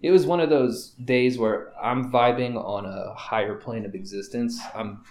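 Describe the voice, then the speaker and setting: A man's voice: mid-range voice, normal speed, a little mellow, a little hiss or hum. A man hosting a podcast, telling casual stories in a rambling, profane way. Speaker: podcast host.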